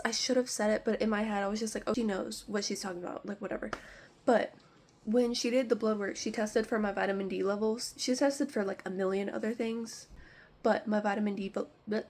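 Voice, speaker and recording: A woman vlogger talks straight to camera, telling a story in a loose, rambling way and sprinkling "like" through nearly every line. Her tone is exasperated and candid, at a medium pitch, with a faint hiss of noise underneath. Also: darkish tone. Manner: rambling and exasperated, heavy use of "like". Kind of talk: casual storytime chat.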